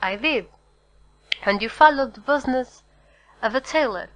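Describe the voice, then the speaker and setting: A woman's voice: fairly high pitch, expressive, fairly bright tone, rough recording. Woman voicing a reserved, probing male priest. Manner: measured, probing.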